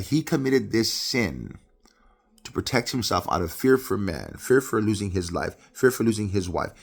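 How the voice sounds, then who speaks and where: Gravelly man preaching a devotional. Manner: earnest and personal, swings from loud emphasis to low, quiet confession. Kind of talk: devotional Bible talk.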